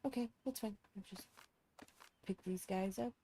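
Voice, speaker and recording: A woman's voice: mid-range voice, normal speed, mellow, slight background noise. A woman streaming a building game in casual chat, thinking aloud and poking fun at herself while nursing a sore throat. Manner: chatty, self-mocking, thinking aloud.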